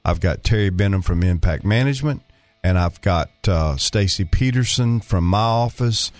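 A man's voice: low voice, lively intonation, moderate pace, darkish tone, dry recording. An older man from Arkansas guest-hosting a talk radio show in a studio, rambling and folksy with many fillers. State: slightly out of breath.

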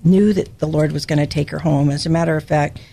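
A woman's voice: low-pitched, fairly even intonation, quick pace, vocal fry, dark tone. An older woman from Hawaii giving a personal, emotional devotional Bible teaching as a podcast host.

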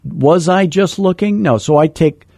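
Middle-aged male sales coach, husky and warm, animated storyteller who adds sound effects, dry close sound. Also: fairly high pitch, a little slow, dry recording. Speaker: real estate sales coach. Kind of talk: storytelling teaching talk.

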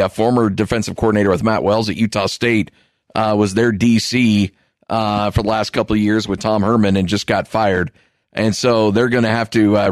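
A man's voice: fairly low pitch, no room sound, studio quality. A man co-hosting a sports radio talk show, chatty and easily amused. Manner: chatty, amused, many fillers. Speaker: co-host.

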